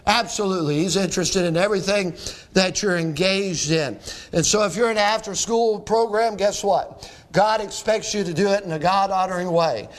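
A man's voice: sits high, normal speed. A man preaching a sermon to students in a hall, emphatic, repeating phrases and asking the crowd questions. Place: church or school hall before a live audience.

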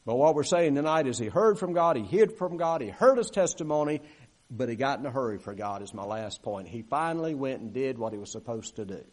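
A man's voice: mid-range voice, animated, brisk, darkish tone. A man preaching a sermon in a church, talking conversationally, asking for amens and acting out quoted grumbling. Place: church sanctuary.

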